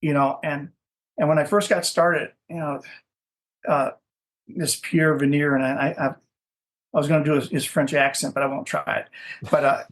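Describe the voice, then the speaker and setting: A man's voice: on the high side, flat delivery, normal speed, pauses often. A man from Minnesota, a dog breeder, telling stories in a casual interview, rambling and repeating words as he searches for what to say.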